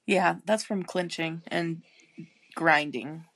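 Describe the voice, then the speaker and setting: A woman's voice: on the low side, slow pace, a bit bright, no echo. A woman co-hosting a casual podcast chat, blunt and swearing freely, laughing often. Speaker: podcast co-host; married mother.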